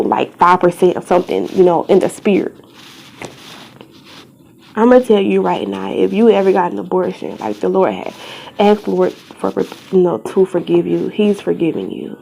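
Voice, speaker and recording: Young woman pouring her heart out to the camera, gravelly, pleading, sometimes whispering, tearful. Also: mid-range voice, animated, moderate pace, dark tone, a little hiss or hum, low-quality recording. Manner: earnest, pleading, drops to whispers at times. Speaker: vlogger. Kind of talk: emotional personal testimony.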